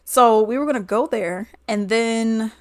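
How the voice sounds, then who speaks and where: A woman's voice: a little high, measured pace, no echo. Chatty woman telling a dating story. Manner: chatty, laughs often, animated retelling. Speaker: vlogger. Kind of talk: casual storytime.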